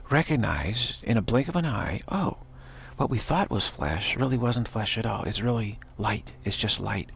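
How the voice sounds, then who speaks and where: A man with a low, gravelly voice talks in a casual spiritual monologue. He is earnest and rambling and often restarts his sentences, and his tone is rough and a little husky throughout. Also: a bit bright. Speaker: spiritual video blogger.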